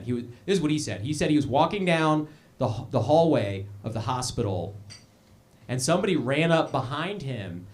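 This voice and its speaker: A young man hosting a live comedy show, telling a stand-up bit on stage with an animated delivery and quick put-on voices. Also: mid-range voice. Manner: animated, puts on voices for quoted people.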